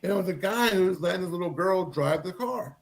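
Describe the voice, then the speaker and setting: Man from Texas, slightly high, gravelly voice, rambling story with lots of fillers. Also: brisk, a little hiss or hum. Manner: rambling, animated, many fillers. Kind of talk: casual storytelling.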